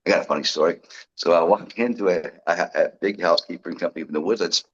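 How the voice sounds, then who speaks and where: A man, a guest in an interview, telling his story in a lively way and acting out what people said. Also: sits low, quick pace, breathy edge, muffled recording. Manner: lively storyteller who acts out quoted dialogue. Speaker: guest, product founder.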